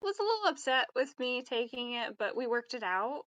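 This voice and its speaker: A woman player telling her turn in a casual tabletop game, soft and dreamy. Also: fairly high pitch, big pitch swings, brisk.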